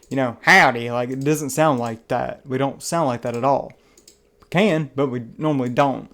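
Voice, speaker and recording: A man's voice: medium pitch, vocal fry. A man from the American South with a Southern accent, giving a casual spoken movie review in an earnest, enthusiastic, rambling way that often restarts its phrases. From Southern United States. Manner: rambling and chatty, restarts phrases, many fillers. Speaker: film reviewer.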